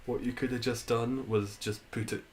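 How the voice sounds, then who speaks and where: A man's voice: medium pitch, steady tone, moderate pace, darkish tone, a little hiss or hum, poor audio. A man streaming a game, chatting casually and answering his chat, laughing often.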